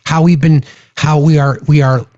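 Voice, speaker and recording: A man's voice: fairly high pitch, little pitch movement, normal speed, warm tone, dry recording, muffled recording. A man hosting a casual political livestream, talking earnestly with frequent restarts and tag questions to his viewers. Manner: earnest, many restarts and "right?" asides. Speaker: livestream host.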